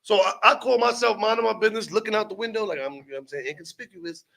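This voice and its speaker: A man's voice: high voice, very fast, vocal fry, pushed and bright, low-quality recording. A young man from Brooklyn with a New York accent, a rapper telling a long, profane story as a guest and acting out the other people in it. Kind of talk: animated storytelling.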